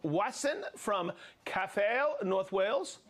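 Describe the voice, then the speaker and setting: High, animated male live-show host. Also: takes it slowly. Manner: energetic, jokey, laughs often. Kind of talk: lively live-stream chat reading viewer shout-outs.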